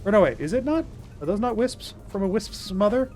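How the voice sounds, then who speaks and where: Lively, high-voiced man streaming a game. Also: fairly quick, soft background music. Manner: playful, jokey, talks to chat. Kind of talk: casual gameplay commentary.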